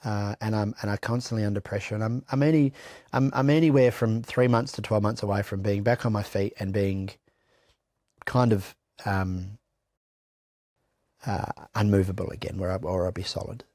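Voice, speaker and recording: A middle-aged man with an Australian accent talks openly and bluntly about hard times. He swears without hesitation and restarts his sentences, and his voice sits on the low side. The sound is close and dry, with no room echo. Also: fairly even intonation, moderate pace, darkish tone. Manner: raw, blunt, swears freely, many restarts. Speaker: interview guest. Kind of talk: candid personal testimony.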